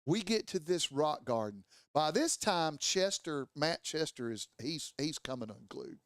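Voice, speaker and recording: A man's voice: on the high side, very animated, measured pace, dry recording, studio quality. A man telling a casual, profane motorcycle story and acting out the voices and sounds of his friends. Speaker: podcast storyteller. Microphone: studio mic.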